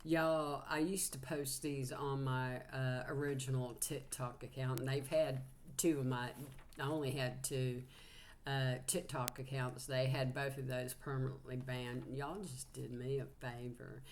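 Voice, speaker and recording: A woman's voice: rumbling low, level tone, unhurried, a little hiss or hum. A woman with a Southern US accent leading a casual psychic channeling session, chatty and folksy, swearing freely and saying y'all a lot. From Georgia, US.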